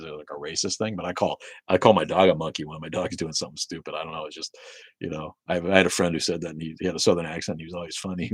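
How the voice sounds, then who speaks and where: A man's voice: deep voice, husky, no room sound, clean studio sound. A man in his fifties hosting a casual livestream rant, profane and rambling with many restarts. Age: 50s. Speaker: livestream host. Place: home in Maine.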